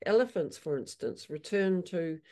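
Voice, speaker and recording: Mellow-voiced woman, animated storyteller. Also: lowish voice, moderate pace. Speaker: equine therapist and author. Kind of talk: storytelling in an interview.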